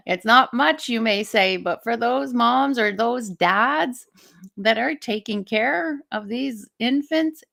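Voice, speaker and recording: A woman's voice: medium pitch, vocal fry, a bit bright. A middle-aged woman, a stress management coach and teacher, talking through a live show in a reflective way and often asking the listener questions.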